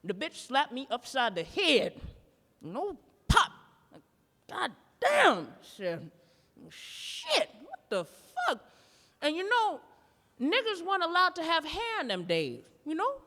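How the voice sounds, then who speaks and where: Recreating a comedy set in an art museum performance space, the woman pushes a bright, high-pitched voice that swoops wildly as she goes a little slowly. The large hall echoes her profane story and its drawling, rhythmic asides.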